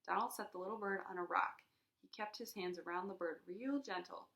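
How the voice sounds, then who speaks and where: A woman reading a children's chapter book aloud in an expressive way, acting out the sound effects. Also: medium pitch, a little fast, creaky, reverberant. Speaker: reader.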